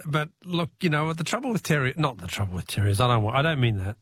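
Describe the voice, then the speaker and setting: An Australian man hosts a call-in radio quiz, chatting and joking with callers. His voice swings lively up and down in pitch, and it sounds close and dry, with no room echo. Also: slightly rough. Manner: chatty, laughs easily, quick asides.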